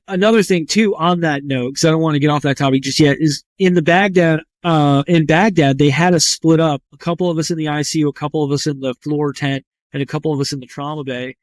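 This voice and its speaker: Man, trauma surgeon guest, slightly high voice, dry close sound, blunt and profane storytelling. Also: no echo. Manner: blunt and profane, with frequent restarts. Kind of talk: casual spoken storytelling.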